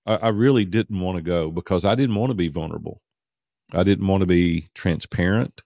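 Low-voiced man telling a personal story. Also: a little fast, gravelly, darkish tone, dry recording, studio quality. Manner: earnest, conversational, repeats words for emphasis. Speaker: podcast guest.

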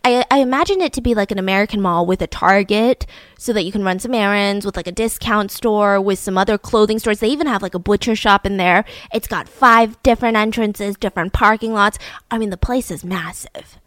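A young adult woman hosting a podcast, telling a true story in a casual, animated way and building suspense with frequent asides to her listener. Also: medium pitch, fairly quick, dry recording, clean studio sound.

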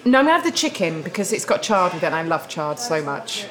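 A woman actor as a guest at a restaurant lunch interview, telling stories in a lively, laughing way. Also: on the low side, fast talker, a crowd in the background, rough recording. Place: restaurant table.

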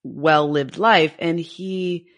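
A woman from Michigan co-hosting a podcast, chatting in a relaxed, agreeable way. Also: deep voice, very slow. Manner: relaxed, agreeable, backchannels a lot. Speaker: podcast co-host. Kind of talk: casual chat.

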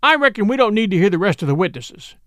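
A man's voice: high voice, very animated, fast, fairly bright tone, no room sound, pitched above the performer's own voice. A man voicing an angry, domineering miners' judge from the frontier, talking in a folksy, bossy way. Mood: indignant. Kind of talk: audiobook character voice.

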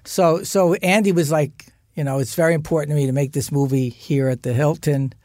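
An older male actor, guesting in a podcast studio, chats casually and tells lively anecdotes, imitating the voices of the people he quotes. His voice is a little high and a little fast, with no echo.

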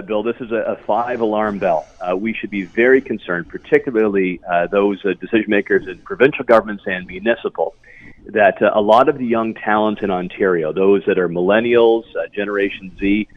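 Man, lowish voice, emphatic interview guest, tinny dry phone line. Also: brisk, no room sound. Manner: animated, emphatic, repeats words. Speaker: real estate association CEO, guest.

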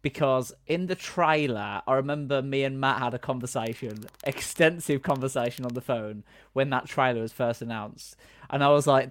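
A man's voice: medium pitch, moderate pace, dry recording. A man hosting a casual podcast chat, chatty and reading out viewer comments. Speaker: podcast host.

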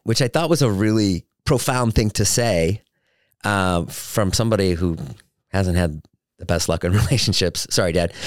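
A man's voice: on the low side, no room sound, studio quality. A man hosting a solo podcast, telling joking, rambling anecdotes with lots of fillers and restarts. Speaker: podcast host.

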